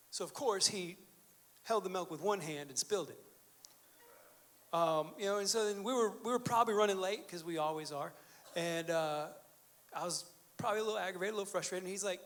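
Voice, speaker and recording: A man preaching a sermon in a church, loose and conversational, with plenty of "like" and "um" as he tells a family story. His voice sits high for a man. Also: a little fast. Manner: conversational, joking storytelling with fillers. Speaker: pastor. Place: church sanctuary.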